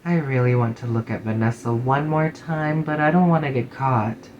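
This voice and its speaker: A man's voice: mid-range voice, moderate pace, darkish tone, muffled recording, a little hiss or hum. A man reading a first-person story in a casual, sarcastic way, swearing freely. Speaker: narrator.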